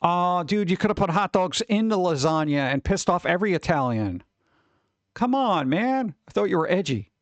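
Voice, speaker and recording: Dude streamer rambling along, kinda high voice, cusses a bit, super dry mic. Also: male voice, sing-song, normal speed, dry recording. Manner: rambling, swearing, chuckling. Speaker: streamer host. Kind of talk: casual chat.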